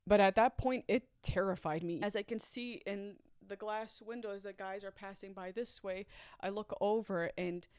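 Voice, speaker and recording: A woman recounting a painful personal memory in a candid, confessional way. Her voice is smooth and clear at a middle pitch, recorded close and dry, with a nervous laugh slipping through at times. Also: normal speed, a little mellow, dry recording. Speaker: storyteller sharing a personal story.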